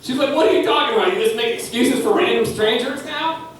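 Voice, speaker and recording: A young man telling crude, animated stories in a stand-up set at a comedy club. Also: extremely high pitch, fast, distant mic, a little hiss or hum. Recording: echoey club from afar, loud audience.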